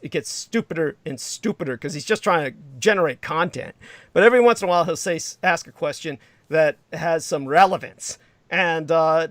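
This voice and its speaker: A man's voice: a little high, no echo. A man hosting a livestream, talking in a long digressive political monologue with emphatic, profane asides. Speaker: livestream host.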